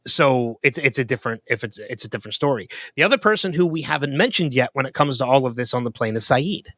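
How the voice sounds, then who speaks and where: A man co-hosting a casual podcast, talking through his thoughts with plenty of ums and false starts. His voice sits at a middle pitch, and the recording is dry and close with little room sound. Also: animated, quick pace, a bit bright, dry recording. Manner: thinks aloud with frequent ums and restarts. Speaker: podcast co-host. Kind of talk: casual chat.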